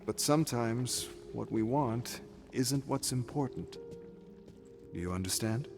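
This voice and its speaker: A man's voice: medium pitch, vocal fry, over music. An actor playing a solemn father soldier saying goodbye to his son in a video game cutscene. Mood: tender. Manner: solemn, measured. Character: stern, weary father soldier leaving home.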